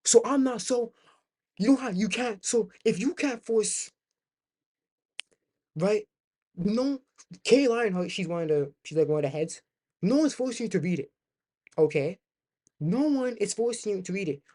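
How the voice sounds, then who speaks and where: Young male streamer, swearing reaction commentary, warm low timbre, loops phrases. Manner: ranting, profane, repeats himself.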